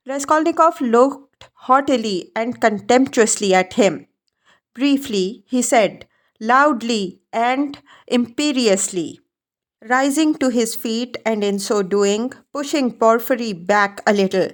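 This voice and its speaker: A woman narrating a classic novel audiobook in a measured, even reading. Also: a little high. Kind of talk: scripted narration.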